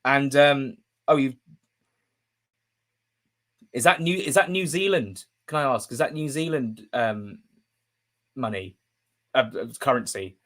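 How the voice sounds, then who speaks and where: A young football journalist chats casually on a live stream, rambling with fillers and restarts before bursting into emotional, excitable outbursts. His voice is mid-range, a little slow, with long pauses.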